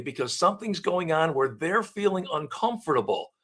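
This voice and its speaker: A man's voice: a little high, normal speed, few pauses. A man coaching on asking better questions in a live online talk, acting out little dialogues as examples. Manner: animated, acts out dialogue examples.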